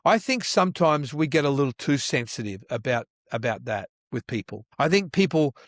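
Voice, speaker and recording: A man guesting on a church-leadership podcast, telling stories with lively acted-out dialogue and frequent restarts. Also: medium pitch, moderate pace, no room sound, studio quality. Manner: animated storyteller who acts out quoted dialogue; frequent restarts and repeated words. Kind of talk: conversational podcast interview.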